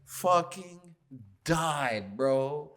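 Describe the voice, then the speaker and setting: A man co-hosting a podcast, telling a story in casual chat, laughing and loudly acting out the people he quotes. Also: on the high side, animated, extremely slow. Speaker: podcast co-host.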